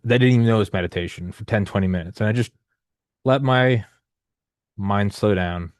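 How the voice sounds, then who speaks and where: A man's voice: low-pitched, no room sound, clean studio sound. A man in his thirties telling a long personal story in casual conversation, rambling and profane with many restarts and fillers. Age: 30s.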